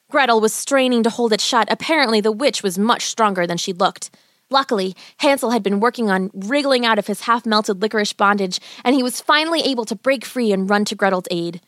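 A woman narrating a fairy tale as a bedtime story, in an expressive, gentle, animated way. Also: medium pitch, no room sound, clean studio sound.

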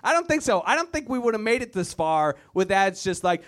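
A man's voice: high voice, big pitch swings, a little fast, fairly bright tone. A man from Virginia doing a stand-up comedy set, rambling and laughing at his own lines. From Virginia, USA.

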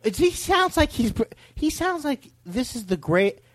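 A man's voice: very high-pitched, big pitch swings, moderate pace, dry recording, studio quality. A man who is a comedian guest, chatting casually with wry, rambling, self-mocking asides.

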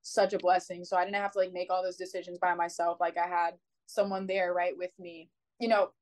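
A woman's voice: fairly low pitch, a little fast, low-quality recording. Young woman, college sprinter guest, casual chatty storyteller. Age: young adult. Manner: chatty, animated, many "like" fillers.

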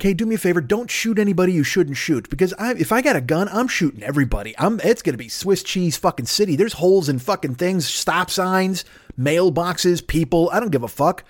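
Male podcast host, slightly high voice, profane, rambling, comedic riffing, dry close mic. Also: lively intonation, fairly quick, dry recording. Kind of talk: solo comedic podcast rant.

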